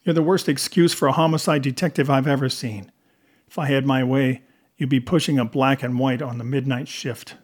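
A man voicing a gruff, angry male police lieutenant who talks in a harsh, scolding way. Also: medium pitch, steady tone, moderate pace, natural voice.

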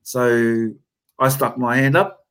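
A New Zealand man who founded a company and teaches haka recounts stories during a relaxed interview, his delivery lively and emphatic. He has a mid-range voice and speaks slowly.

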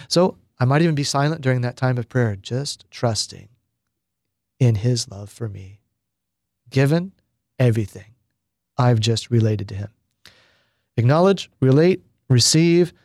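A man, a priest, giving a spoken retreat teaching on prayer in an unhurried, reflective way with pauses and fillers. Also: medium pitch, darkish tone, no echo, clean studio sound.

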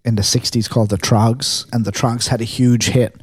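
A man co-hosts a laid-back podcast, rambling through stories and breaking into hummed riffs and sung lines. His voice is mid-pitched and the sound is dry and close. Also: moderate pace, slightly rough, dry recording. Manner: animated storyteller, hums and sings riffs; rambling with many fillers. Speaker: podcast co-host. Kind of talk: casual chat.

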